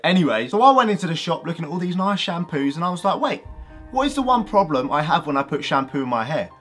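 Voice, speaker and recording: Brief: young male YouTuber, brash comic delivery, slightly high pitch. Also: quick pace, faint music behind. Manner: energetic, jokey, swears freely, acts out bits. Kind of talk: comedic vlog monologue.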